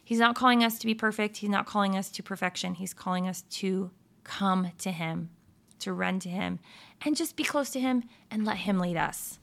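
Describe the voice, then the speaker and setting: A woman's voice: medium pitch, normal speed, gravelly. A woman giving casual devotional encouragement, speaking earnestly, firing off rhetorical questions and laughing at her own slips.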